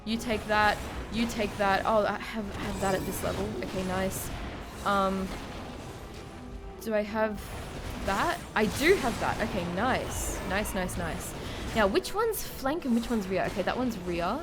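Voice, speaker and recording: A woman's voice: medium pitch, animated, a little slow. A tipsy woman streaming a game, cursing, muttering to herself and chat, now and then breaking into panicked shrieks. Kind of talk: live gameplay commentary. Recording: game music clearly under the voice. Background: game music.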